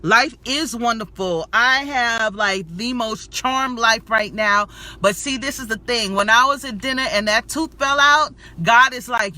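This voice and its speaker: Bright, preachy woman vlogger. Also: fairly high pitch, measured pace. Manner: preachy and affirming, calls viewers sweetie and y'all. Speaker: health and spirituality vlogger. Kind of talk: emotional personal testimony to camera.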